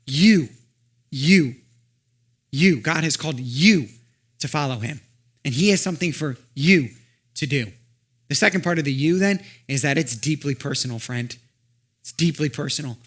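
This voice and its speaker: A man pastor preaching a sermon, swinging from loud, emphatic urging to soft, intimate asides. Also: a little high.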